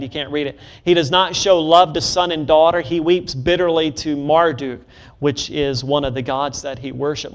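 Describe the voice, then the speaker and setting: Man preaching with call-and-response. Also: fairly high pitch. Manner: call-and-response, leads congregation in repeating phrases; swings between quick asides and slow emphatic declarations. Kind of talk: sermon.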